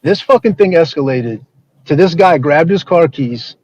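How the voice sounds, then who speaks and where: A man's voice: a little high, fairly quick, a little mellow, no echo, muffled recording. A man hosting a stream, telling a profane story in casual chat and laughing as he goes. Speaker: stream host.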